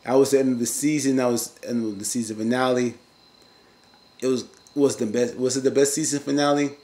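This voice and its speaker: A man casually recapping a TV episode in a slangy, rambling way, breaking into loud, high-pitched rants now and then. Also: fairly even intonation, fairly quick. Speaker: TV recap vlogger.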